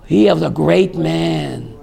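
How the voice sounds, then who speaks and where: Rabbi guy with a high gravelly voice, slow, tells stories and quizzes the room. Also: mellow. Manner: storytelling, asks the audience questions and answers them; dramatic, voices screaming characters in quotes. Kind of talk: lecture to a class.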